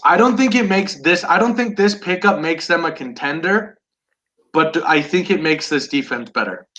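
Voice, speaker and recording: A young man hosting a casual sports chat with friends, eager and quick to restart his sentences. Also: a little high, expressive, bright, forceful tone, poor audio. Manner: enthusiastic, restarts often. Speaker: sports podcast host. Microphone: online call.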